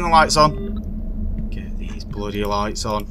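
A man's voice: lowish voice, takes it slowly, noisy background. A man commentating a horror game as he plays, jumpy and swearing, talking to himself with sudden yelps. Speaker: gaming streamer.

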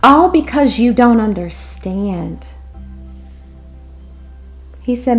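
A woman delivering a prophetic word in an impassioned way, moving between loud declarations and hushed asides. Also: medium pitch, unhurried, faint music behind. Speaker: prophetic minister.

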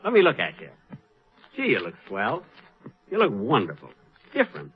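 A man's voice: mid-range voice, wildly swooping pitch, normal speed, vocal fry, husky. A man hosting a 1940s radio comedy show, vain and easily flustered, sliding into mock indignation. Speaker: comedian host. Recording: dull old radio recording.

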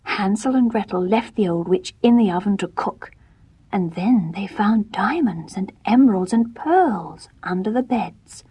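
A woman narrating a storybook in gentle, measured tones. Her voice is husky and breathy, and she speaks softly. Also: medium pitch, animated.

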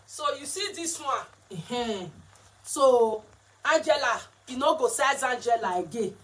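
A woman's voice: a little high, lively intonation, measured pace, a bit bright. A woman with a Nigerian accent chatting casually as a vlogger while explaining and showing clothes. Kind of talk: casual chat.

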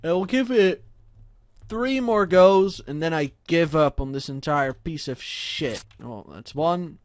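A man doing let's play commentary, muttering low and then breaking into loud frustrated shouts. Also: animated, slow, no room sound. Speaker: gaming commentator.

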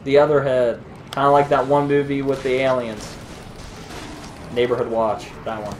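A man's voice: mid-range voice, flat delivery, moderate pace, a little hiss or hum, poor audio. A young man commenting on a video game with friends, cracking crude jokes and talking over the others. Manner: joking, crude quips, talks over others. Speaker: let's play commentator. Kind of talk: casual gameplay banter.

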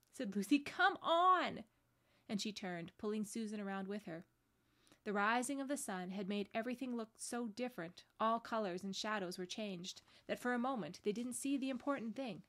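A woman pastor reading a storybook chapter aloud with gentle, steady narration. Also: medium pitch, normal speed.

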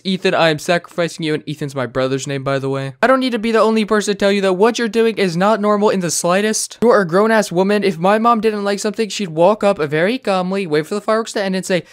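A man's voice: high-pitched, quick pace, hardly any pauses. A teenage guy doing sarcastic, casual reaction commentary, swearing freely. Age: teens. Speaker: YouTube commentator.

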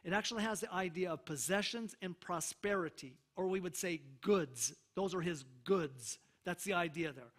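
A man preaching a sermon as pastor, emphatic, slowing down for scripture readings and checking in with the congregation. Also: high-pitched, a bit bright.

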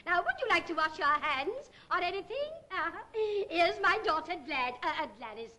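A woman's voice: extremely high pitch, expressive, normal speed, pushed and bright, full character voice. A woman playing a fussy, bossy middle-aged housewife who puts on airs, on a 1930s film soundtrack. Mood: genteel. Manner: fussy, scolding, putting on airs.

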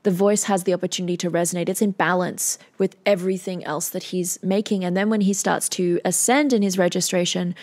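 A woman's voice: on the low side, fairly even intonation, brisk, few pauses, a little mellow. A woman vocal coach reacting to a singer, earnestly praising and explaining his technique. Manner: earnest, admiring, talks through technique.

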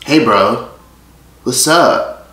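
A man's voice: mid-range voice, animated, very slow, bright, forceful tone. Profane joking vlogger man. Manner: profane, joking, talks to viewers directly. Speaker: YouTuber vlogger. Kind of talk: casual vlog to camera. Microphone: phone held by hand. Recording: echoey room, faint noise.

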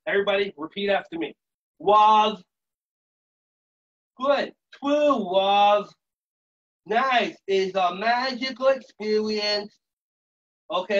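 A man teaching a live online yoga warm-up to teachers, coaching with playful, upbeat cues. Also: sits high, husky, dull audio. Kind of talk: live virtual workshop instruction. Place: home setting.

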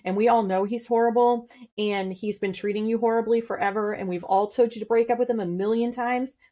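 A middle-aged woman from St. Louis speaks plainly and rapidly as a guest in a casual podcast interview. The sound is lo-fi, and her mid-range voice carries a darkish tone.

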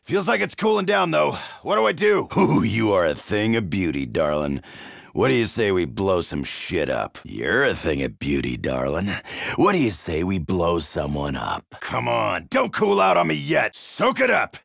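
An actor playing a cocky, crude middle-aged American marine in a video game, with a gravelly voice and a brash, shouty, wisecracking manner. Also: male voice, sits low, wildly swooping pitch, moderate pace, no echo, clean studio sound, heavily acted. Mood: gruff.

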